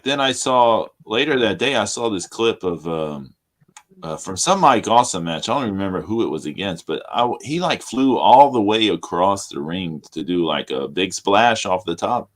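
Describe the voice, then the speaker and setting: A low-voiced man chats casually with a lively, swooping delivery. He speaks loosely and laughs easily. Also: moderate pace. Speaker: podcast co-host. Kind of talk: casual chat.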